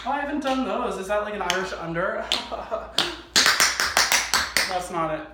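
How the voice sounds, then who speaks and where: A male tap dancer rambles through a laid-back tutorial at home, swearing frequently and joking at his own expense. His high voice has lively intonation and moves at a normal speed. Tap clatter bounces around the echoey garage, leaving the audio very noisy.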